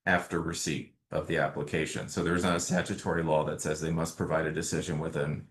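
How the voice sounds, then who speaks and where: A man presenting a webinar on export law in a measured, explanatory way, working through slides one by one. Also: very deep voice, level tone. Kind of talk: prepared legal presentation. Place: remote setting, webinar.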